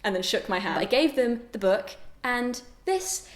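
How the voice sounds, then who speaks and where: A young adult woman vlogs in a casual, animated way, piling on exclamations as she chats. Her voice sits a touch high. The room gives it a noticeable roomy echo. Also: unhurried. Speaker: vlogger. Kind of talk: casual vlog chat.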